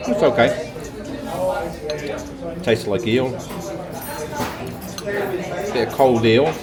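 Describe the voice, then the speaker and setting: Chatty man vlogging over a loud crowd. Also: medium pitch, drawn-out words. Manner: chatty, understated, dry humour. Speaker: travel vlogger. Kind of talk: casual travel vlog commentary. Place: outdoors at a busy market and food stall. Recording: loud crowd and music behind.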